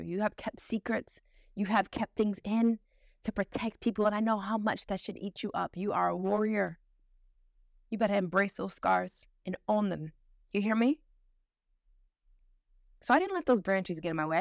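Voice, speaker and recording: A woman's voice: mid-range voice, creaky, dry recording, studio quality. A young adult woman hosting a motivational podcast. She talks in a sisterly, slangy, emphatic way to encourage her listeners. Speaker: podcast host.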